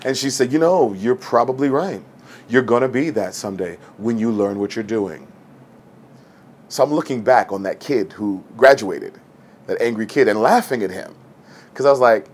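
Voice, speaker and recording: A man in his forties, a stage actor, telling a personal story in a lively way and acting out the voices he quotes. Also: medium pitch, normal speed, husky. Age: 40s. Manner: animated, acts out quoted voices.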